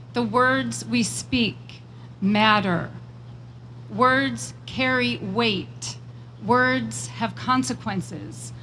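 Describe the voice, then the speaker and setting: Woman, rally speech, somewhat high voice, measured, emphatic, storytelling, faint background noise. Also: a bit bright, poor audio. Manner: measured, emphatic, slows on repeated phrases; personal storytelling. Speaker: rally speaker. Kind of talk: prepared political speech.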